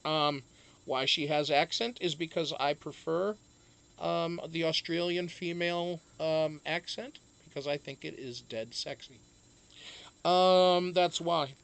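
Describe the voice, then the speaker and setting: A man hosting a casual live stream, chatting to viewers in a rambling way full of fillers, with sudden animated outbursts. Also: on the high side, slow, vocal fry, smooth.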